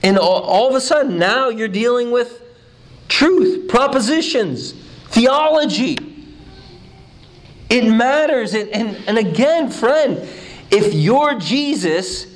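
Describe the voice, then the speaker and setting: Male pastor with a high voice; animated, emphatic sermon delivery with restarts. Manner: animated preaching, pitch swings from low and quiet to high and emphatic; repeats words when starting phrases.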